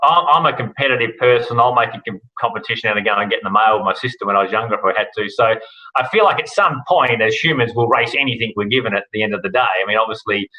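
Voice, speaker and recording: In a relaxed podcast interview, the guest, an Australian who hosts rally broadcasts, speaks fast and rambles, restarting often and using many fillers. His pitch is fairly low and his tone sharp, while the audio is dull.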